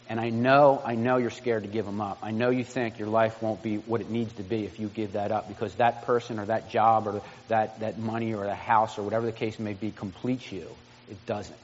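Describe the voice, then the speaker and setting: A low-pitched man preaching in a church, earnest but halting, stopping and restarting often. His voice rings out with long reverb in a big hall. The recording sounds dull and lo-fi. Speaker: pastor. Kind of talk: sermon. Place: church sanctuary.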